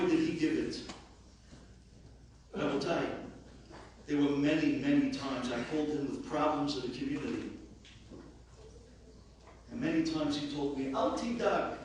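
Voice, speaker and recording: A man, a rabbi, giving an impassioned eulogy that swings between shouting and hushed speech. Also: fairly high pitch, a little hiss or hum. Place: large hall at a memorial gathering. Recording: very echoey hall, voice far from the mic.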